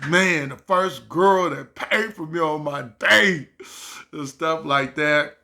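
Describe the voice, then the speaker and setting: A man with a high, very bright and forceful voice spins a comedic storytime about his own life. He talks casually and keeps slipping into the voices of the people he's quoting, so the delivery stays lively and theatrical. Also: takes it slowly, vocal fry. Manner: animated, acts out both sides of conversations.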